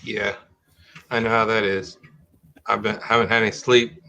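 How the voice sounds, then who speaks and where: Middle-aged guy hosting a live stream, kinda bright sharp tone, rambles and restarts a lot. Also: lowish voice, level tone, normal speed. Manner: rambling, restarts sentences, thinks aloud. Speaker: host of a live-streamed talk show. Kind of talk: casual livestream chat.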